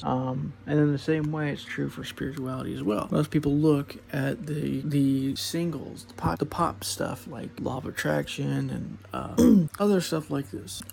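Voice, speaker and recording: A young man talks through spiritual ideas in a loose, rambling podcast monologue, now and then laughing and slipping into quick put-on voices. His voice is heavily gravelly and sits slightly high for a man. A faint noise runs under the recording. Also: a little mellow. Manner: rambling, laughs at his own points, acts out the mind's voice. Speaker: podcast host.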